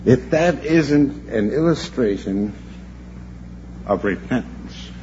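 At a church convention, an older man delivers an unhurried, earnest sermon in an expressive, medium-pitched, darkish voice. He occasionally stumbles and repeats a word while telling his story, and a faint hum sits beneath the dull lo-fi recording.

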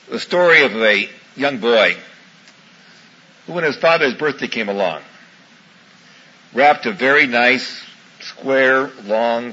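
Lively, bright-voiced male preacher. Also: mid-range voice, husky, lo-fi sound. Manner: folksy storytelling, warm asides, chuckles. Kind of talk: sermon with folksy anecdotes.

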